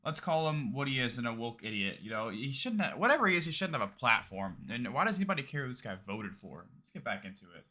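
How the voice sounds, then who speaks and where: A man's voice: mid-range voice, very animated, fast, hardly any pauses, pushed and bright. A man giving casual, blunt reaction commentary on a debate clip in a mocking, slangy way.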